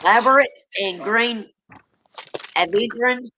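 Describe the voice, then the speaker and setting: A woman's voice: fairly high pitch, slow, noisy background. A middle-aged woman with a Southern accent, hosting a casual live chat and reading out viewer comments in a folksy, drawling way. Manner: folksy, drawling, calls people honey and y'all.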